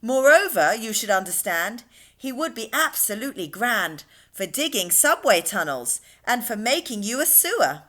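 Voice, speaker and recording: A woman's voice: fairly high pitch, sing-song, moderate pace, sharp tone, full character voice. A woman doing a bubbly, cheerful little boy. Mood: sing-song. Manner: sing-song and bubbly. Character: cheerful small boy, eager and friendly.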